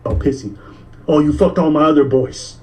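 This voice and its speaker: A man in a played clip gives critical commentary, animated and mocking. His voice is mellow and slightly high, and he is some distance from the mic. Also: moderate pace. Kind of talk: casual commentary.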